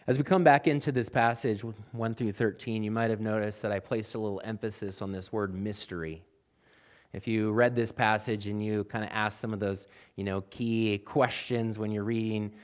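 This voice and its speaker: A man preaching a sermon as pastor, building emphasis with repeated phrases and addressing the congregation directly. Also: lowish voice.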